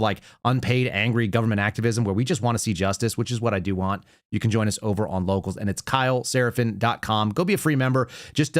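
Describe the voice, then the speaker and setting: A male podcast host rattling off a rambling, conversational monologue at a quick clip, full of fillers. His voice sits at a middle pitch. The sound is dry and close, with no room echo. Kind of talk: casual show monologue.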